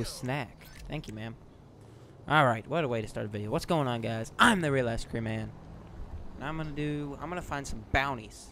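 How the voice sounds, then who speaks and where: A man giving excitable live gameplay commentary as a gaming YouTuber, swinging between loud shouts and low mutters. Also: normal speed, creaky. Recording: noisy, with loud game car sounds behind.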